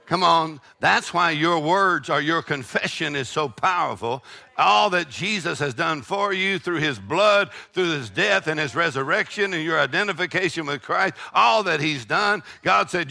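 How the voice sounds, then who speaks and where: Older pastor, gravelly bright voice, fiery call-and-response preaching. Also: male voice, a little high, lively intonation, moderate pace. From Texas. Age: 60s. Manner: preachy call-and-response with shouted peaks and laughing asides. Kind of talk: sermon.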